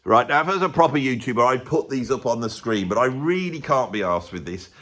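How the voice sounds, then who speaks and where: Animated man ranting to camera. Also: medium pitch, fairly quick. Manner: animated, sarcastic, swings between loud and muttered asides. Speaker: music vlogger. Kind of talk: casual opinionated rant to camera.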